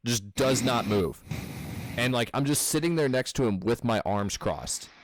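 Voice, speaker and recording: A man's voice: mid-range voice, lively intonation, measured pace, a little hiss or hum. A young man from the American Midwest telling a podcast story in casual chat, with many fillers and a lot of swearing.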